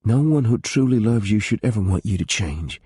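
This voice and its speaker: A man voicing a gentle, tactful young woman. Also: fairly low pitch, lively intonation, normal speed, breathy edge, no room sound, clean studio sound, pitched above the performer's own voice. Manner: gentle, reassuring. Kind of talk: audiobook character voice.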